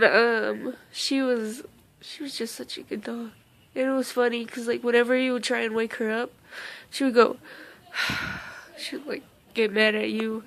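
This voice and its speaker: Halting, emotional young woman with a gravelly voice. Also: a little high. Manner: halting, many fillers and restarts. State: emotional, close to tears. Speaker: vlogger. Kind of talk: casual storytime vlog.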